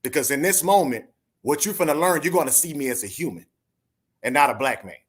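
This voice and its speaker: A man's voice: a little high, lively intonation, fairly quick, breathy edge. A man in his forties telling a personal story in casual chat, talking earnestly and directly to his listeners. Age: 40s. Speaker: podcast co-host.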